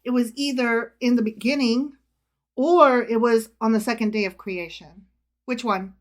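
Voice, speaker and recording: A woman's voice: a little high, steady tone, moderate pace. A woman co-hosting a casual podcast, quizzing her husband with teasing, profane banter and reading verses aloud. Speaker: podcast co-host.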